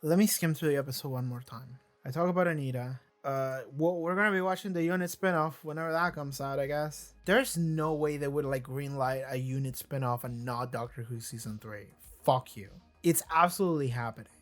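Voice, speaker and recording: Reaction channel host, casual commentary, rambling, stammers and restarts, swearing, middling pitch, faint background music. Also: fairly quick, few pauses. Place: seated in a chair.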